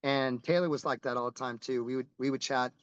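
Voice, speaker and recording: A man's voice: mid-range voice, steady tone, fairly quick, smooth, no echo, dull audio. A middle-aged man, a rock musician, telling stories in a casual interview, rambling and restarting as he goes and swearing casually.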